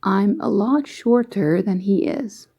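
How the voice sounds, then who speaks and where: Woman teaching english grammar, calm and careful, mellow soft tone. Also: mid-range voice, breathy edge. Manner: slow, careful, patient explaining. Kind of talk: explaining grammar lesson.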